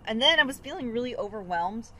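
A woman's voice: a little high, expressive, quick pace, noisy background. A woman in her thirties co-hosting a podcast, chatting casually and acting out her own quotes as she tells a story. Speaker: podcast co-host. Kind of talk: casual chat.

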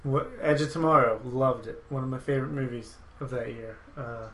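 A man hosting a movie podcast in an easygoing, rambling way. He offers opinions freely and laughs often. His voice sits at a middle pitch. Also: fairly even intonation, fairly quick, a bit bright, rough recording. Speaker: podcast host. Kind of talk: casual movie podcast chat.

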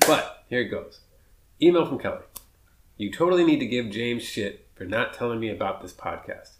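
A man hosting a casual podcast, joking and talking fast with some swearing, on rough amateur audio. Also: medium pitch, expressive, roomy sound, noisy background. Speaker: podcast host.

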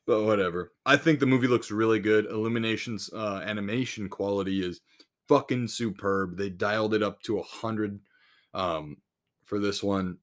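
A man's voice: lowish voice, steady tone, normal speed. A man hosting a podcast in a casual solo rant, blunt and full of swearing. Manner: profane, blunt, exasperated. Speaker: podcast host.

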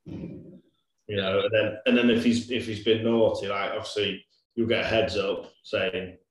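A man, a father, talking loosely about parenting in a relaxed chat. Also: fairly low pitch, a little slow. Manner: relaxed, loose, many fillers. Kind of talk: casual chat. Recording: very echoey, off-mic.

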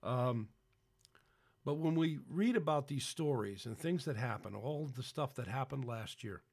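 A man's voice: medium pitch, lively intonation, measured pace, vocal fry, a little mellow, breathy edge. A man hosting a podcast, rambling through casual Christian commentary with incredulous outbursts. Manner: frequent fillers and restarts. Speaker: podcast host.

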